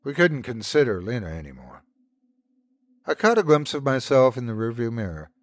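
A man hosting a podcast, giving a slow, hushed, suspenseful scripted narration of a horror story. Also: medium pitch, sing-song, dry recording.

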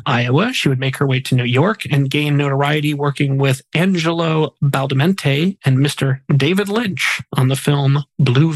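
A man hosting a music podcast, talking through a list of memorials in a casual, chatty way. He tosses in jokey asides between the facts. His voice is a little high and sounds close and dry. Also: dry recording, low-quality recording. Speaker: podcast host.

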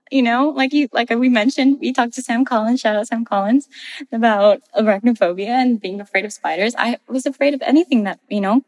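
Cheerful laughing woman in a reverberant space. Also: a little high. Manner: laughs often while telling, cheerful. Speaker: guest. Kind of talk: casual storytelling.

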